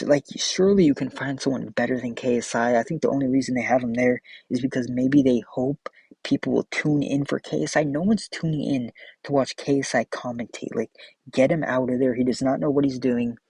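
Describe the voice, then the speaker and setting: Young male host, blunt casual reaction rant, husky voice, dry close sound. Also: medium pitch, darkish tone, dry recording, low-quality recording. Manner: blunt, ranting, filler-heavy with frequent "like". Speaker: MMA reaction channel host.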